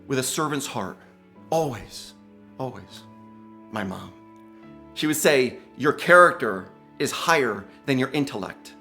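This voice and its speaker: A man's voice: fairly high pitch, fairly bright tone. A middle-aged man giving a gushing motivational commencement speech, exclaiming often and calling listeners guys. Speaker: commencement speaker.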